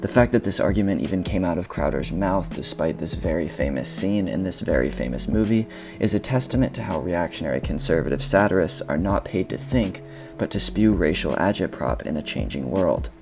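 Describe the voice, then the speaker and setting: Deep gravelly man, sardonic narration. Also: expressive, brisk, over music. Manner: sardonic and critical. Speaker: video essay host. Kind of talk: scripted commentary narration.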